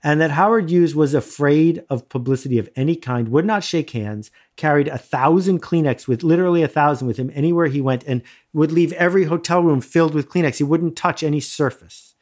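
A middle-aged man from the United States telling a self-deprecating personal story in a casual, animated way, laughing often. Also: on the high side, brisk, hardly any pauses. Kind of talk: casual anecdote, conversational storytelling.

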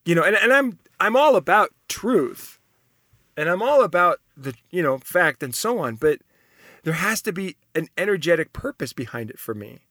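A man's voice: sits high, very animated, normal speed, sharp tone, no room sound, clean studio sound. A man talking casually and enthusiastically, reading out personality test results and reacting with frequent laughter. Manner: enthusiastic, rambling, laughs often.

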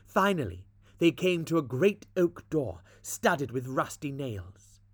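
A man reading a classic story aloud as a podcast storyteller, with expressive, dramatic narration. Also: on the high side, takes it slowly, slightly rough, no echo.

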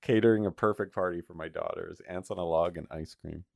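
A man with a very deep voice co-hosts a podcast in relaxed chat, often nodding along with short agreements. He slips into quieter, mumbled asides, and the recording is dry and close. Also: fast, vocal fry, no echo. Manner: laid-back, many short agreements, trails off into quieter asides. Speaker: podcast co-host. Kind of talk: casual chat.

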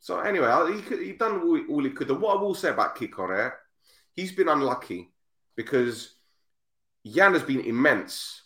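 A man hosts a football podcast and tells his stories with lots of repetition, acting out each voice. His pitch rises and falls a great deal. The room around him gives the voice a noticeable echo. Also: moderate pace. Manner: animated storyteller, acts out voices, repeats himself. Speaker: podcast host. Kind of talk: casual football podcast chat.

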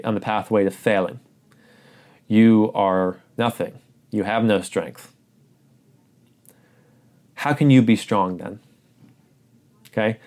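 A man's voice: on the low side, darkish tone. A man preaching a sermon, earnest and urgent, repeating phrases for emphasis.

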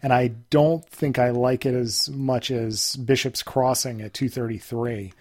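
An easygoing man co-hosting a casual podcast, agreeable and thinking aloud as he goes. His voice sits at an ordinary middle pitch for a man. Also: steady tone, measured pace, darkish tone. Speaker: podcast co-host. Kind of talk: casual chat.

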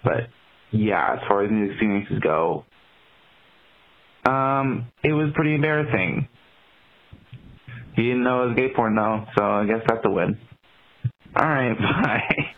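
A young man rambles through a casual story on a voicemail, with plenty of ums and likes. His voice sits on the low side. The sound is thin and tinny, like a phone line. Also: lively intonation, moderate pace, long pauses. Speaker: caller.

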